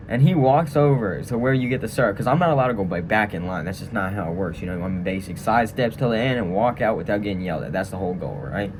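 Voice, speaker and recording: A man's voice: on the low side, brisk, noisy background. A young man telling a story casually and walking through a tutorial, rambling with lots of fillers and tag questions. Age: young adult. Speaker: vlogger. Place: room at a training school.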